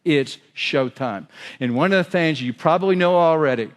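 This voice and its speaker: A man's voice: fairly high pitch, fast. A man giving a keynote speech on sales, telling stories and questioning the audience. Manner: storytelling with quoted voices and audience questions. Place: large hotel ballroom. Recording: long hall reverb.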